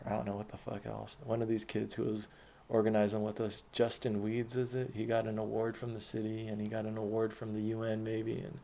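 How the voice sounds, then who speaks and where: Fast-talking gravelly man, rambling and profane. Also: lowish voice, mellow, slight background noise. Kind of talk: casual autobiographical storytelling.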